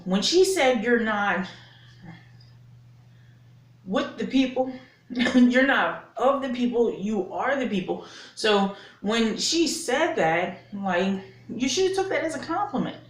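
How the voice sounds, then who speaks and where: A woman vlogger giving an indignant, emphatic opinion rant to camera, swearing and repeating herself for effect. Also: fairly high pitch. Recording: echoey room.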